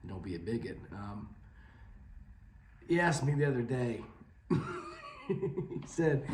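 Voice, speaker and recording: Deadpan guy rambling off on tangents, mock serious, mid-pitched voice, roomy echoey basement sound. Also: normal speed, long pauses. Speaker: comedy video host. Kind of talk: mock-serious comedic monologue. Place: home basement.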